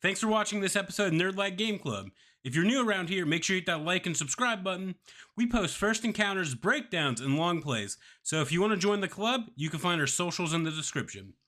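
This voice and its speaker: A man co-hosting a gaming podcast, telling stories in an animated way and swearing casually. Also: sits high, brisk. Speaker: podcast co-host. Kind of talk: casual chat.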